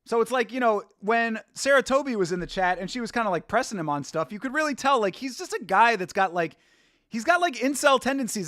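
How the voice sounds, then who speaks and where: Lively high-voiced man chatting on stream. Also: a little fast, no echo, clean studio sound. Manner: rambling, laughs often, reads chat aloud. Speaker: watch-along host. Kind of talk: casual live-stream chat.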